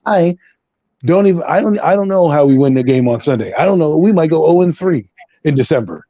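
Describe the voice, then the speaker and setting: Gravelly husky guy ranting about football, swears a ton, kinda dull lo-fi sound. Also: fairly high pitch, animated, fairly quick, no room sound. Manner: profane, fired-up, ranting. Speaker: guest, Giants fan. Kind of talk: heated sports rant.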